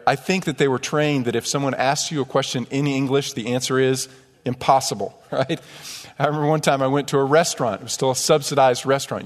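Emphatic male pastor preaching in a reverberant church. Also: medium pitch. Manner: storytelling, emphatic, rhetorical "right?" asides. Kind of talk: sermon. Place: church sanctuary. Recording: long hall reverb.

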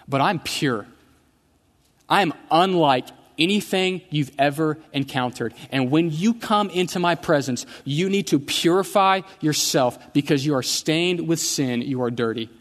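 A man voicing God as a solemn, holy deity who speaks in firm, measured declarations, during a sermon. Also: fairly high pitch, close to an everyday voice. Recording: long church hall reverb.

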